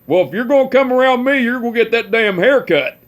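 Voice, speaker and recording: A man's voice: very high voice, lively intonation, fairly quick, pitched above the performer's own voice. A man voicing his elderly great-grandfather as a blunt old man who cusses and teases, quoted in a home vlog. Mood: gruff teasing. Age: older. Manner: gruff, profane teasing.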